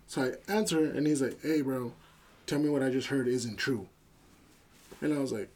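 A man's voice: medium pitch, expressive, moderate pace, long pauses, darkish tone. A man on a podcast telling a story in casual chat among friends, slangy and swearing, acting out quoted dialogue. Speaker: podcast co-host.

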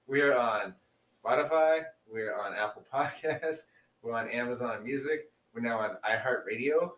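A man's voice: medium pitch, a little slow, a bit bright, distant mic. A man co-hosting a podcast in casual chat, rambling and laughing often. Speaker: podcast co-host. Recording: roomy, a bit off-mic.

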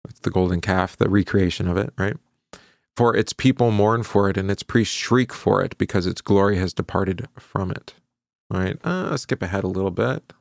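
Low-voiced pastor reading and teaching. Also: male voice, normal speed, gravelly, no echo, clean studio sound. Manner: reads scripture, then explains in loose asides with fillers. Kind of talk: Bible study teaching with scripture reading.

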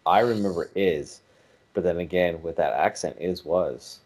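A man's voice: deep voice, unhurried, darkish tone. A man co-hosting a podcast in casual chat, rambling with many restarts and self-corrections. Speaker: podcast co-host.

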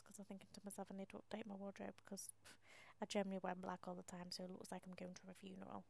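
A woman's voice: mid-range voice, fast talker, vocal fry. A woman hosting a casual monologue, chatty and self-mocking, often half-whispering, laughing and swearing as she tells her story. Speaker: podcast host.

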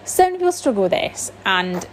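A woman's voice: medium pitch, big pitch swings, brisk, slight background noise. A woman in her thirties, hosting a casual solo podcast from home with a chatty, candid manner and lots of fillers. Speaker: podcast host. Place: home, feeding a baby. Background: household sounds, washing machine.

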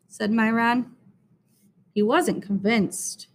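A woman reading a children's book aloud in an expressive, deliberate way. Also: medium pitch. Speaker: storyteller.

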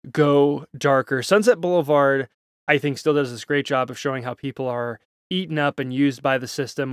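A man's voice: mid-range voice, smooth, no room sound, clean studio sound. A man co-hosting a podcast, comparing films in a casual, analytical way with small chuckles. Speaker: podcast co-host. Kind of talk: casual film discussion.

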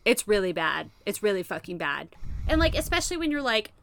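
A woman co-hosting a casual podcast, animated and laughing often, swearing freely as she recaps an old sitcom. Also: mid-range voice, a little fast, vocal fry, dry recording. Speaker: podcast co-host.

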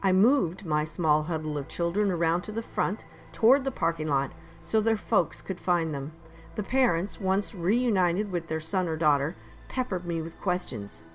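A woman reading a first-person audiobook in a measured, steady storytelling manner. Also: on the low side, faint music behind. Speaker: audiobook narrator.

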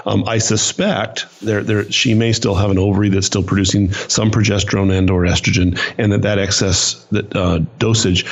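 A man's voice: lowish voice, vocal fry, breathy edge, lo-fi sound. A man co-hosting a podcast as the doctor, explaining at length with frequent hesitant restarts. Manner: hesitant, many restarts and fillers. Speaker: doctor co-host. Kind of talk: casual podcast chat.

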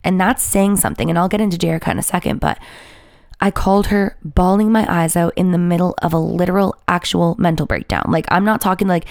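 A woman's voice: fairly low pitch, steady tone, a little fast, vocal fry, darkish tone, no room sound, clean studio sound. A woman in her twenties, a YouTuber telling a personal story to her viewers in a candid, rambling way, full of "like" and restarts. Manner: rambling, confessional, heavy with "like" and restarts.

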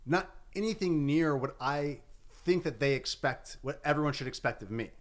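A man chatting casually on a podcast, rambling with halting restarts and lots of fillers. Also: fairly high pitch, lively intonation. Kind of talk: casual comedic chat.

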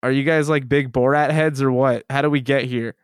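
Male podcast host, casual and self-deprecating, clear voice in a dead room. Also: medium pitch, fairly even intonation, a little fast, dry recording, studio quality. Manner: rambling, self-deprecating, laughs often.

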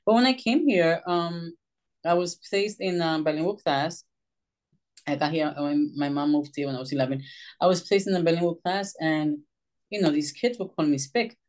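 A woman's voice: sits low, normal speed. A woman from Puerto Rico with a Puerto Rican Spanish accent, Spanish her first language, telling her story as a guest in casual interview talk and acting out what she once asked. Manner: animated storytelling, acts out her own past questions. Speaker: guest author.

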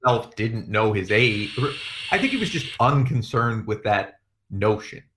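A man's voice: fairly low pitch, sing-song, normal speed, background noise. A man co-hosting a stream, chatting casually and profanely, joking and laughing often. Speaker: streamer co-host.

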